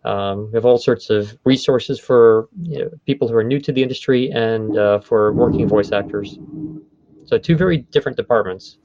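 A man's voice: medium pitch, normal speed, darkish tone. Man explaining voiceover work, dull sound. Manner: explanatory, rephrases and restarts often. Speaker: voice studio owner. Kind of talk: conversational interview.

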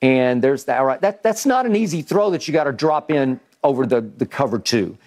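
A man's voice: medium pitch, animated, fairly quick, darkish tone. A man hosting a sports talk show, breaking down football plays with emphatic repetition and rhetorical questions. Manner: emphatic, repeats words at starts, rhetorical questions. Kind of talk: animated football analysis chat.

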